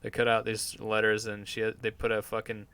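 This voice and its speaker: A man's voice: fairly low pitch, monotone, a little fast, a bit bright, smooth. A man hosting his own podcast as a live stream, rambling and sardonic, swearing often and restarting his sentences. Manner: meandering, profane, full of fillers and restarts. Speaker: podcast host.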